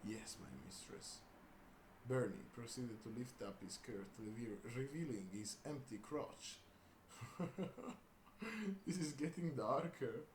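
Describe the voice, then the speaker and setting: A man's voice: mid-range voice, a little mellow. A man reading a crude story aloud for comedy, laughing and breaking off with asides. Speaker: reader. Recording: roomy room with faint hiss.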